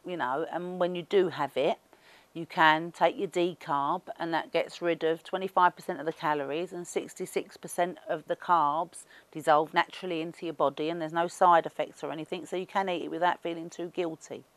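A woman's voice: sits low, steady tone, brisk, no room sound. A middle-aged woman with a Cockney accent, chatting casually and rambling with lots of fillers as an interviewee. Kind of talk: casual chat.

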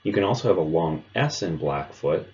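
A man with a very low, deep voice explains pronunciation step by step in a clear, measured way. The recording sounds a little dull and lo-fi. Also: expressive, a little mellow. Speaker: language teacher. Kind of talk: instructional narration.

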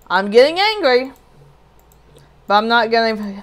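A woman's voice: a little high, lively intonation, a little slow, long pauses, fairly bright tone. A woman casually commenting as she plays a puzzle game, talking back at the screen with jokey frustration. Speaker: gameplay streamer. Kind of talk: casual let's play commentary.

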